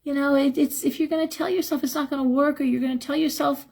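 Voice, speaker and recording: With fairly even intonation, a quick pace, and few pauses, this middle-aged woman gives candid spiritual advice while reading chat on a live stream. Her voice is gravelly and a little mellow; she's chatty, somewhat tired, and acts out quotes higher.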